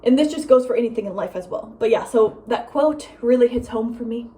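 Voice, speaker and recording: A young woman vlogging at home in a casual, rambling chat, full of "like" and "um" and quick laughs. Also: fairly high pitch. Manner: rambling, lots of "like" and "um", laughs often; breezy, drifts between loud and soft. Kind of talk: casual chatty vlog monologue.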